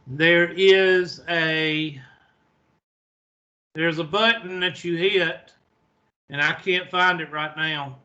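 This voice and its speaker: Slow, bright-voiced man teaching math. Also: a little high, lo-fi sound. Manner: flustered, talking to himself while searching. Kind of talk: online class lecture.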